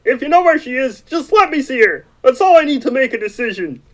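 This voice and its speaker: A woman voicing a frantic, desperate male frog hero in a fan-made radio play, pleading and often shouting. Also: sits high, very animated, brisk.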